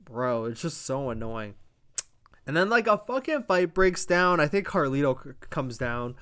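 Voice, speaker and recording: Excitable, fast-talking man reviewing wrestling. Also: on the high side, clean tone. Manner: breaks into loud exasperated outbursts. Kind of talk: casual recap and commentary.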